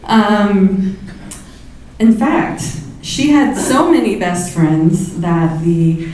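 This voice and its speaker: A woman gives a memorial tribute to her best friend, speaking slowly and hesitantly with frequent pauses. Her voice rings through a very echoey room. A faint murmur of the gathering sits behind her. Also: mid-range voice, a little mellow, a little hiss or hum. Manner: chatty and hesitant, with many ums. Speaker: friend giving a eulogy. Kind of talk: memorial speech. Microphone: handheld microphone.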